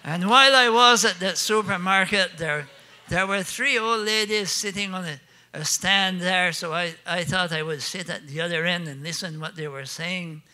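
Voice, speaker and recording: A man's voice: sits high, normal speed, bright, forceful tone. An older man with an Acadian French accent telling folksy comic stories on stage, laughing at his own punchlines. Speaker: storyteller.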